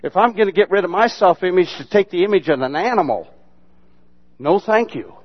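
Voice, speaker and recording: A man preaching with folksy, teasing humor, his voice sitting a bit high for a man. The sermon recording sounds dull and lo-fi. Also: lively intonation, a little fast. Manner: folksy, mocking humor with sudden loud imitations. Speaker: pastor.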